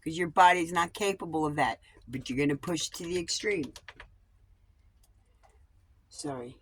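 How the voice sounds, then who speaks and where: A woman's voice: fairly low pitch, brisk, breathy edge. A woman vlogger talking in a rambling personal monologue about coping, blunt and digressive, swearing freely.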